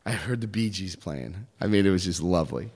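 A man telling a personal story in an animated way, acting out the voices of others. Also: low voice, a little fast, husky, in a large hall.

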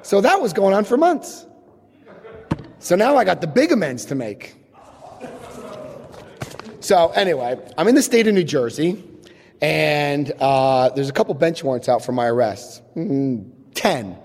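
Animated man telling a story in a hall. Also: on the high side, a little slow, long pauses. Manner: animated, laughing, acts out quotes. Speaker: speaker sharing a personal story. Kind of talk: storytelling to an audience. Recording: long hall reverb.

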